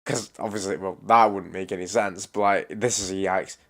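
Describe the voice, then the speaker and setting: A man's voice: sits low, steady tone, moderate pace. A man with a stuffy nose reacting emotionally to a game he is playing, groaning and swearing as he reads the lines aloud. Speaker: gaming streamer. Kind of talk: let's play reading game lines aloud.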